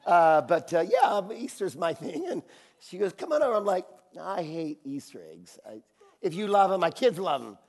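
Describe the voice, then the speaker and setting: A man preaching a sermon, telling a personal anecdote with acted-out voices, laughing often and dropping to a quiet, intimate tone for serious moments. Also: big pitch swings, normal speed. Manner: drops to a quiet, low, intimate tone for serious parts. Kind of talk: sermon storytelling.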